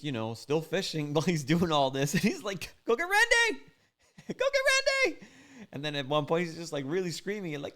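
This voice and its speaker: Easygoing male fishing host, loose rambling storyteller, smooth resonant tone. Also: medium pitch. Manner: rambling, laid-back, full of "like" and "you know". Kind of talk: casual storytelling recap.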